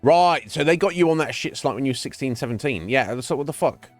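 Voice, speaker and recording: Male livestreamer, mid pitch, casual profane rants with repeats and laughs, dry close sound. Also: brisk, no echo, faint music behind. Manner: animated, profane, repeats words, laughs often. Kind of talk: casual ranting chat while gaming. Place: home streaming setup.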